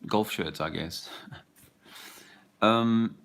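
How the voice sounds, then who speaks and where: A man's voice: lowish voice, drawn-out words, creaky, a bit bright. A man talking hesitantly with many fillers as he walks outdoors, reflecting in a casual vlog. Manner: rambling, hesitant, full of fillers. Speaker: father, vlogger. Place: outdoors, walking a park path.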